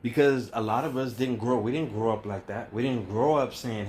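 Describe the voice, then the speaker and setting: A man preaches in a rhythmic monologue, stacking repeated refrains into emphatic builds. His voice sits at an ordinary middle pitch for a man. He swings from loud, raised lines to low, hushed ones. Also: normal speed, hardly any pauses, a little hiss or hum. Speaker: spiritual teacher.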